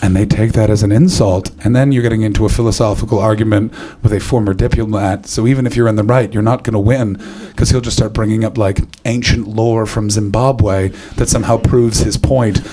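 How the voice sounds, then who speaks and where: A man's voice: lowish voice, steady tone, brisk, warm tone. A man in his thirties doing a stand-up set at a comedy venue, rambling through anecdotes and laughing at his own jokes. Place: comedy venue with live audience.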